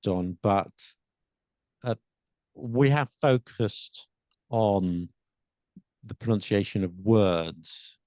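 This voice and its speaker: A man co-hosting a podcast talks through pronunciation tips in a casual chat, thinking aloud, restarting often, and saying examples out loud. His voice is lowish with a darkish tone, and he speaks very slowly with long pauses. The recording has no room sound.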